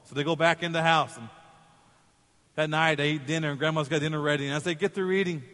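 A male pastor preaching a sermon in a church, telling a story in an animated way and acting out its voices. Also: a little high, fast talker, long reverb tail. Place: church sanctuary.

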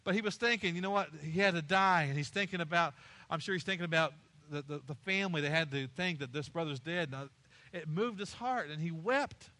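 A man's voice: a little high, fairly quick, pushed and bright. A male pastor preaching a sermon, repeating key phrases and rising in passion as he goes.

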